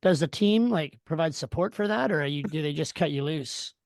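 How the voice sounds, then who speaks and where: A podcast host asks questions in a relaxed, loose way, often trailing off with fillers. The voice sits at a middle pitch. The recording is dry and close. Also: brisk, dry recording. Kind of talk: casual interview.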